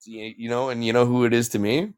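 A man's voice: mid-range voice, little pitch movement, quick pace, darkish tone, clear, resonant tone. A man co-hosting a casual podcast chat, swearing often and thinking aloud as he weighs his picks. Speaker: podcast co-host.

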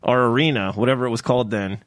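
A man's voice: mid-range voice, rapid-fire, dry recording, studio quality. A man co-hosting a podcast in casual chat, laid-back and enthusiastic. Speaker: podcast host.

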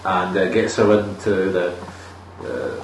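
A man's voice: low voice, expressive, takes it slowly, a little hiss or hum. A man with a Scottish accent recapping a bad film in casual, sweary chat, acting out the characters in voices. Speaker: podcast co-host. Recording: echoey room, far from the mic, faint ambience.

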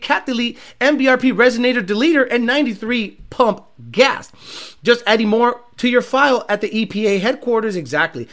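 A man's voice: extremely high pitch, a bit bright. A man who owns a car tuning shop, ranting bluntly and with profanity while hosting a live show. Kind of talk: casual ranting livestream.

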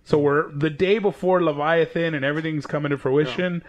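A man's voice: fairly high pitch, steady tone, moderate pace. A man co-hosting a casual comic book chat, retelling the plot with acted-out quotes and plenty of swearing. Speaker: comic book podcast co-host. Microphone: headphones and mic setup.

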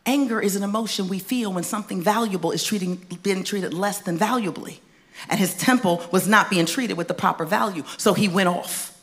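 A woman preaching to a congregation in a mid-pitched voice. She talks to them in a casual, folksy way, then rises into loud, emphatic bursts and drops to near whispers for the tender points. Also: brisk. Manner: conversational, folksy asides to the congregation. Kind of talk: sermon. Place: church stage before a congregation.

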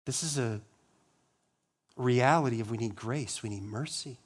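Man preaching with rhetorical questions. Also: unhurried. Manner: rhetorical questions, rising emphasis on key words; drops to a low, quiet voice on solemn lines. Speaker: pastor. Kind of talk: sermon.

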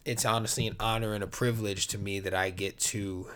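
A man's voice: on the low side, fairly even intonation, fairly quick, a bit bright. A man hosting his own podcast, talking alone in a rambling, laid-back way, with plenty of swearing as he tells stories. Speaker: podcast host. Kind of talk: casual solo podcast monologue.

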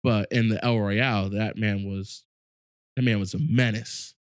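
Guy with a lowish voice chatting on a podcast, gets hyped fast, dry close mic. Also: smooth, no room sound. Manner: animated, excited bursts with a storytelling flow. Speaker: podcast co-host. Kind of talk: casual chat.

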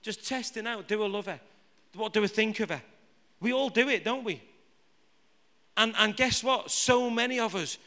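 A man's voice: sits high, pushed and bright. A man preaching a live sermon to a congregation. He jokes with the room and keeps asking it rhetorical questions. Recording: reverberant hall.

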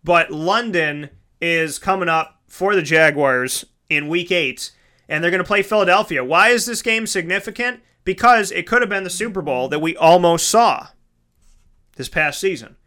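Bright, crisp-voiced male sports talker. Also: high-pitched, moderate pace. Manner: chatty, rambling, corrects himself mid-sentence; addresses listeners as folks. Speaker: sports show host. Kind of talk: casual solo sports talk.

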